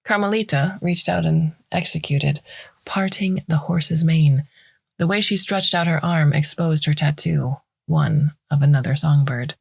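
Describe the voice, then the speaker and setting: A woman reading a short story aloud in the first person, in a measured, wry storytelling manner. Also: low-pitched, creaky, breathy edge, no echo, studio quality. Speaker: story reader. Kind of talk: scripted narration.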